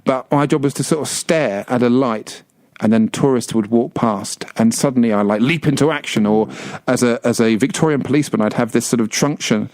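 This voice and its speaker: This is a man co-hosting a radio show, chatting casually into a studio microphone. He wanders through self-mocking stories, stumbling and restarting as he goes. His voice sits at a middle pitch, and the room sounds close and dry. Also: fairly quick, darkish tone, no room sound. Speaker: radio co-host. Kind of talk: casual on-air chat.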